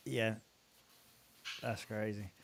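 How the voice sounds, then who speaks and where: A man's voice: on the low side, level tone, extremely slow, vocal fry, a little hiss or hum. A young man co-hosting a podcast, rambling casually about his fantasy football team, swearing freely and laughing often. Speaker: podcast co-host.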